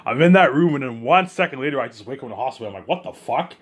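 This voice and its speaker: A man talking alone in a rambling monologue, repeating himself and swinging between loud outbursts and low mumbles. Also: animated, rapid-fire, slightly rough. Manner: repetitive, keeps saying "you know what I'm saying". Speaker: host of his own listening series.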